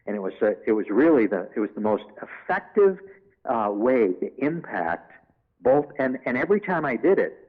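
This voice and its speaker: A man guest in an interview, telling anecdotes in an animated way and acting out the voices he quotes. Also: on the low side, narrow, tinny audio.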